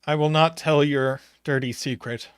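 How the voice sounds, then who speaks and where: A man with a somewhat high voice hosts a live puzzle stream, trading playful jokes with his chat. He thinks aloud as he works, and the sound is dry and close. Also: fairly even intonation, normal speed, smooth, no room sound.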